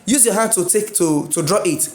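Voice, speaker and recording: A woman teaching an exam lesson, drilling words slowly with emphasis and asking the class questions. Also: mid-range voice, a little mellow. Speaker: English exam tutor. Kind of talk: classroom-style video lesson.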